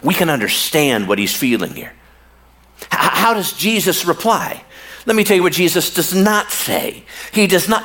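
A man preaching a sermon in a storytelling way, drawing out words for emphasis and slipping into casual slang with the congregation. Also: on the high side. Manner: animated storytelling with slow, drawn-out pauses for emphasis. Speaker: pastor.

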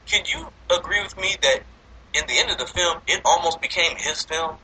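A man in casual, profane movie review chat, animated and laughing often as he complains. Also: on the high side, fairly quick, slight background noise, low-quality recording.

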